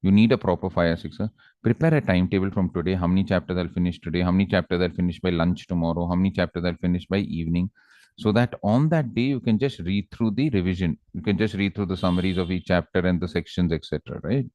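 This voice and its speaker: Indian english guy teaching exam prep, deep voice, calm and coaxing, kinda dull dry sound. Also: quick pace, no room sound. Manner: calm, coaxing, acts out characters in anecdotes. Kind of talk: exam-prep lecture with storytelling.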